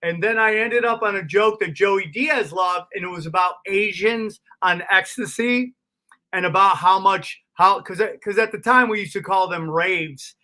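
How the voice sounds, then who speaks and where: Bright, high-voiced male comedian telling stories. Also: normal speed. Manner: animated, profane, laughs at his own stories. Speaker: comedian guest. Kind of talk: casual storytelling interview.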